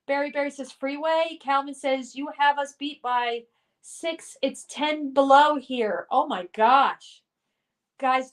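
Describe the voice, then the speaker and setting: Speaking in a high-pitched, fairly bright voice, this Colorado livestream host is a middle-aged woman at home. She reads out messages from the chat and hosts a guessing game for her viewers.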